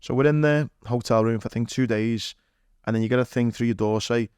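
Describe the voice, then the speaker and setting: A man's voice: mid-range voice, brisk, darkish tone, clean tone, dry recording, clean studio sound. Scouse man telling a story. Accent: Liverpool (Scouse). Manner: rambling anecdotal telling with fillers and acted quotes. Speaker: podcast guest. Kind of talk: casual storytelling chat.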